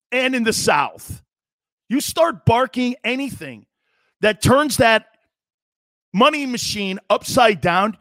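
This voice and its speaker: Brief: middle-aged male sports radio host, high-set voice, blunt and emphatic, dry close mic. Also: a bit bright, no echo. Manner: emphatic, blunt, acts out quoted players. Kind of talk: sports talk radio monologue.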